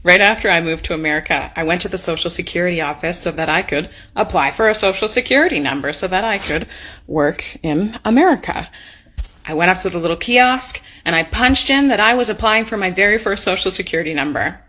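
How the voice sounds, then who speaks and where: A woman from Canada telling a casual story to camera in a calm, wry way. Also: fairly low pitch, brisk.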